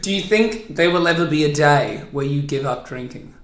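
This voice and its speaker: A man's voice: a little high, fairly bright tone. A man hosting a casual podcast interview, asking questions in a teasing, joking way. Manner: teasing, quick to joke and laugh. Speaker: podcast host. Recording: roomy echoey room.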